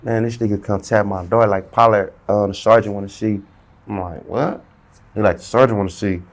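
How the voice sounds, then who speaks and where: A man's voice: on the low side, steady tone, a little fast. A man in a casual interview, telling a story heavy with slang and acting out the dialogue himself. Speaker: interview guest.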